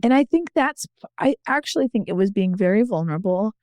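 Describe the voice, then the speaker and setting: A woman's voice: mid-range voice, expressive, fairly quick, darkish tone, no echo. A woman guest on a podcast, telling her story in a candid, earnest and reflective way.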